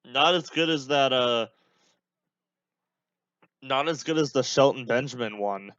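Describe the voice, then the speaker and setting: A man in his usual mid-range voice gives offhand, relaxed running commentary as a podcast host. The recording sounds muffled and dry, as if the highs were dulled and there is no room echo. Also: unhurried. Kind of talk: casual live commentary while watching a match.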